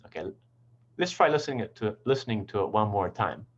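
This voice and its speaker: A man's voice: fairly low pitch, big pitch swings, brisk, muffled recording. A man teaching English pronunciation, explaining patiently step by step. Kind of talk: explanatory lesson.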